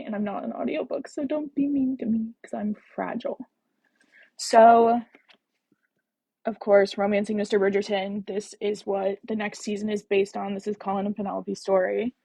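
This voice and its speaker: A young woman chats bubbly and fast-moving on a casual live stream, her voice sitting mid-range with a gravelly fry. She jokes about herself and talks into a phone with an earbud mic. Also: medium pitch, dark tone. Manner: bubbly, chatty, self-deprecating. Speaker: podcast host reading live. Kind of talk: casual livestream chat.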